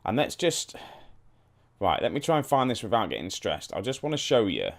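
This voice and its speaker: A man's voice: lowish voice, very animated, fairly quick, vocal fry. A young man casually commenting on his football management game, thinking aloud and talking straight to his viewers. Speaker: gaming YouTuber. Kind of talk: casual let's-play commentary.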